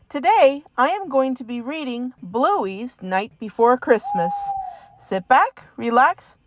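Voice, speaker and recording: A woman reads a rhyming storybook aloud in a gentle, sing-song way. Her voice sits a little high and she takes her time over every line. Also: noisy background. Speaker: storybook reader in character persona.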